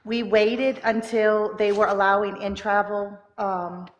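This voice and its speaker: A woman delivers a businesslike staff report to a public board meeting, keeping her voice flat and even. Her voice rings with a long hall reverb. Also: mid-range voice, takes it slowly, muffled recording. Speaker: school district staff presenter.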